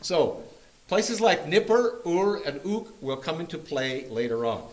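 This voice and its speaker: A man's voice: on the high side, sing-song, unhurried, poor audio. Guy running bible study, goofy and jokey, voice bounces all over. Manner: jokey and playful, often laughing. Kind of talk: informal group teaching with a map. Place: church meeting room.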